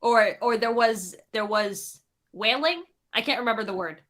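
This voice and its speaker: A woman's voice: fairly high pitch, moderate pace, a crowd in the background. A woman playing in a tabletop game, chatting casually and hesitating as she searches for words. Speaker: player.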